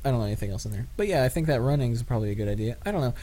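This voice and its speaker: Young man, podcast co-host, joking, trails off mid-thought, ordinary mid pitch. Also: animated, racing, mellow, slight background noise. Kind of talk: casual chat.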